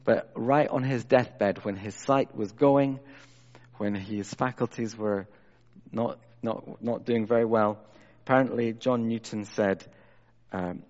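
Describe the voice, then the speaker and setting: A man preaching a sermon in an earnest manner, moving between raised emphasis and soft, hushed reflection. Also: lowish voice, fairly even intonation, slow pace. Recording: dull, lo-fi sound with long hall reverb.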